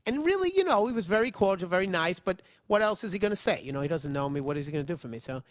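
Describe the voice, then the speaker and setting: A man's voice: high voice, very fast, no room sound. A man hosting a talk show, telling stories animatedly and acting out what others said. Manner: animated storyteller, acts out other people's voices. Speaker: podcast host. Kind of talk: casual storytelling chat.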